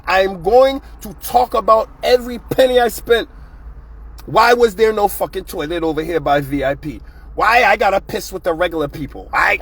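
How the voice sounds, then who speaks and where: A man's voice: extremely high pitch, no echo. A man hosting his own show, ranting bluntly and profanely in a casual, fired-up monologue. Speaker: show host.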